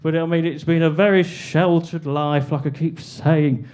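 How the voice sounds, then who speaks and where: A man's voice: fairly high pitch, steady tone, normal speed, darkish tone. A young man doing a stand-up comedy set, rambling and self-deprecating, on a club stage with a handheld mic.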